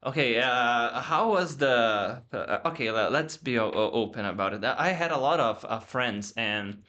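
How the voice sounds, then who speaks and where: A Brazilian man with a Brazilian Portuguese accent, hosting a podcast in English with a jokey, halting way of talking. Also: mid-range voice, animated, sharp tone, muffled recording. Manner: jokey, encouraging, halting with restarts. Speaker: podcast host. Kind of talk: casual interview chat in English.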